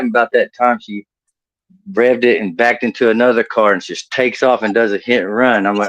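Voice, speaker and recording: Rambling drawled man, low voice. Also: steady tone, a little fast, fairly bright tone, no room sound, highs cut off. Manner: rambling, drawling, laughs at own jokes. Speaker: stand-up comedian. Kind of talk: storytelling stand-up set. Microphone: home computer mic on video call.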